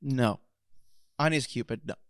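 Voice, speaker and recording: Excitable man, casual podcast co-host. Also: mid-range voice, unhurried, no echo, clean studio sound. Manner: animated, excitable, swears casually. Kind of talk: casual chat.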